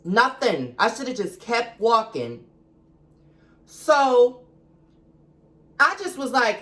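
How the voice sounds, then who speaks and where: A woman's voice: fairly high pitch, big pitch swings, takes it slowly, pauses often, a bit bright. A young woman vlogger telling a storytime in a chatty, confiding way, retelling events dramatically and calling her viewers girl and baby. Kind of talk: storytime vlog.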